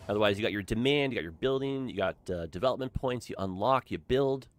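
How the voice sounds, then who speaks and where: A man's voice: on the low side, quick pace, faint music behind. A young man chatting casually while live-streaming a city-building game, upbeat and full of "like" and "eh?".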